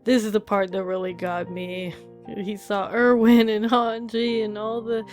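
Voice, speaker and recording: A woman's voice: medium pitch, flat delivery, measured pace, a little mellow. Gushing woman reviewing manga, faint music. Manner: emotional, laughs often, gushing with many fillers. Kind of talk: casual spoken review. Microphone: desk mic while reading.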